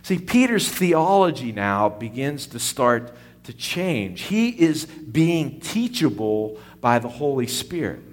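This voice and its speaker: A man's voice: mid-range voice, big pitch swings, takes it slowly. A male pastor preaching a sermon, with call-and-response asides to his congregation.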